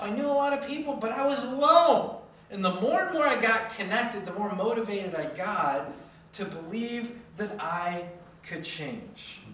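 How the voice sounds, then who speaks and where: Preacher mid-sermon, bright tone, animated and playful delivery, heard from a distance in a very echoey church. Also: mid-range voice, a little hiss or hum. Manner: animated, acts out quoted voices with humor. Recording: echoey hall from far off.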